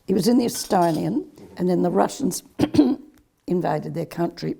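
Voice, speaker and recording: A woman's voice: fairly low pitch, lively intonation, measured pace, vocal fry, mellow, breathy edge. An older woman recalling the past in a plain, matter-of-fact interview manner. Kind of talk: reminiscing interview.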